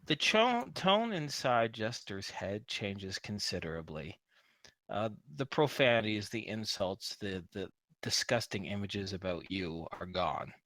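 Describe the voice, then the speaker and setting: A man narrating as game master in a tabletop game, swearing loudly while voicing characters. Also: lowish voice, animated, measured pace, dry recording. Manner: profane, shouts in character.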